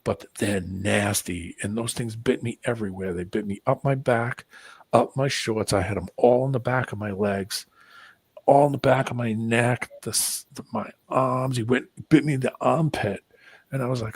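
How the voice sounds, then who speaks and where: A man's voice: mid-range voice, steady tone, normal speed, pushed and bright, breathy edge, no echo. A man hosting a casual stream chat, telling stories and acting out what people said, swearing casually. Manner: storyteller who acts out voices, swears casually. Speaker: stream host.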